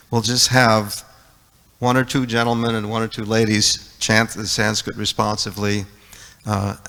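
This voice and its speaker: Gravelly man leading a scripture class. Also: fairly low pitch, sharp tone, long reverb tail. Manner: reads out lists of verse translations item by item. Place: temple hall.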